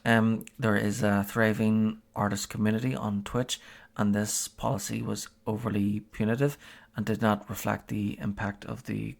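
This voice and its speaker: A man's voice: fairly low pitch, level tone, moderate pace, creaky. A man streaming a game, chatting casually and reading a policy aloud, hesitant with many fillers and frequent chuckles.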